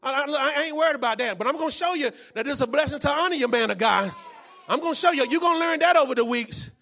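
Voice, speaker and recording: Shouting and repeating himself, a man delivers a sermon as pastor, very high-pitched and fast. He keeps calling on the congregation to respond.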